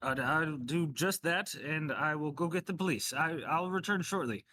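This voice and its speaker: A man's voice: on the high side, moderate pace, pushed and bright. A man voicing a frail elderly male professor in a tabletop game, who stammers in a hurry to help. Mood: flustered.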